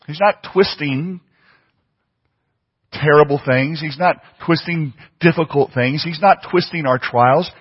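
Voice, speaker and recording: Male preacher, slightly high and husky, muffled recording with long reverb in a church hall. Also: a little slow. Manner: emphatic, repeats phrases for stress. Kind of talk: sermon.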